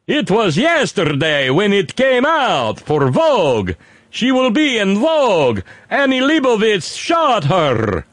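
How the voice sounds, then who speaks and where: A sardonic male comedy host rambles through viewer comments, his pitch swooping up and down as he riffs. The sound is bone-dry and close to the mic, with no room at all. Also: huge pitch swings, slow pace, a bit bright, no room sound. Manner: sardonic, profane, giggly asides.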